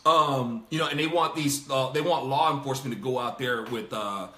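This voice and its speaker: A man hosting a casual Bible discussion, talking in an animated way, laughing and acting out the quotes he reads. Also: medium pitch, normal speed, echoey room. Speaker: host.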